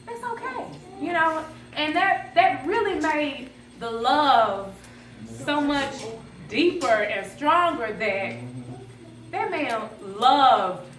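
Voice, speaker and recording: Woman sharing memories at a church memorial; slightly high voice, distant echoey pickup with a crowd behind. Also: animated, takes it slowly. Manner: storytelling, fond and gently humorous. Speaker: granddaughter giving a eulogy. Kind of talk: emotional memorial speech. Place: church funeral service.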